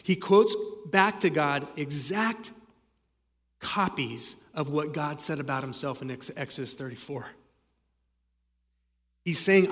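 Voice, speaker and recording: A man's voice: on the high side, lively intonation, slow pace, pauses often, fairly bright tone, in a large hall. A man preaching a sermon as pastor, conversational with dramatic readings.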